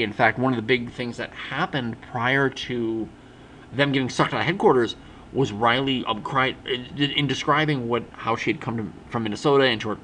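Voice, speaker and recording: A man's voice: mid-range voice, a bit bright, a little hiss or hum, poor audio. A young man giving a casual spoken film review, rambling and often restarting or correcting himself mid-sentence.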